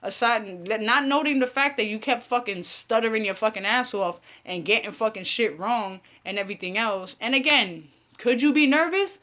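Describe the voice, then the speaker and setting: A woman's voice: fairly high pitch, moderate pace, hardly any pauses, pushed and bright. Blunt, profane woman ranting on air. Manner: blunt, profane, heated, talks to her chat. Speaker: online radio show host. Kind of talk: casual ranting commentary.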